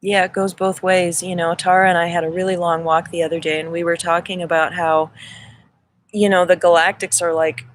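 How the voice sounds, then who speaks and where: Earnest, low-voiced woman streaming live. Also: little pitch movement, brisk, slight background noise. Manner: earnest and effusive, often restarts and repeats words. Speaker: spiritual reader hosting a livestream. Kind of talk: casual spiritual monologue.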